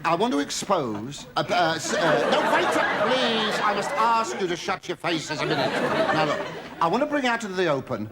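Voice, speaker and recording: A middle-aged man chats to a live studio audience in halting, stammering asides. His voice is a touch high and swoops all over, breaking into squeals. Loud laughter and noise from the crowd fill the room. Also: very animated. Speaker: comedian and sitcom star. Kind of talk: stand-up patter to a studio audience.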